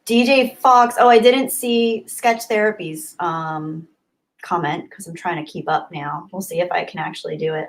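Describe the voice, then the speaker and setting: A woman hosts a relaxed livestream and reads viewer comments as they come in. She talks in an earnest, thankful way. Her answers ramble, with plenty of fillers and restarts. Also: fairly low pitch, moderate pace. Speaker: YouTube livestream host. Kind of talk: casual chat reading viewer comments.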